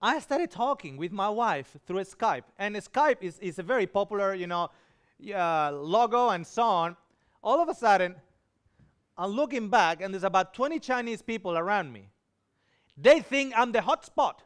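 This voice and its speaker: High-voiced preacher telling a story. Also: male voice, moderate pace, smooth. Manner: animated, acts out quoted voices. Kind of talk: storytelling sermon.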